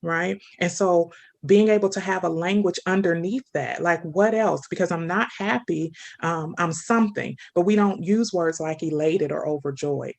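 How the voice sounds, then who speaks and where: A woman's voice: lowish voice, moderate pace, vocal fry. Thoughtful woman guest, explaining. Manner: thoughtful, explanatory, checks in with "right?". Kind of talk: casual discussion.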